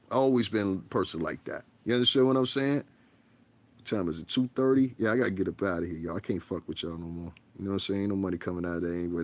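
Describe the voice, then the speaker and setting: A man's voice: medium pitch, no echo. A man ranting bluntly on his own livestream, profane and streetwise, often tagging "you know what I'm saying". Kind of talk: casual livestream rant.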